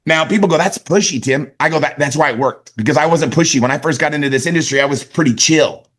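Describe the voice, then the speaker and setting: Middle-aged man from California, motivational sales trainer, punchy and repetitive, bright forceful tone, slightly high-pitched. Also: quick pace. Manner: emphatic, repeats catchphrases, asks "right?" and "okay?". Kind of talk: energetic motivational talk.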